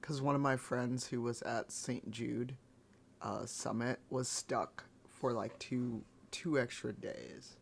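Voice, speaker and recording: A man with a gravelly, rough morning voice talks loosely and casually to his live chat, wandering from thought to thought. His pitch sits in an ordinary middle range. A faint hum of noise sits under the recording. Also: steady tone, slow pace. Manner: laid-back, rambling, talks to chat. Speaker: streamer.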